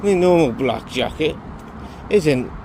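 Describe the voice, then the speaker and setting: A man's voice: a little high, animated, noisy background. A tired man vlogging casually, rambling and correcting himself as he goes. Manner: rambling, halting, self-correcting. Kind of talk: casual vlog monologue.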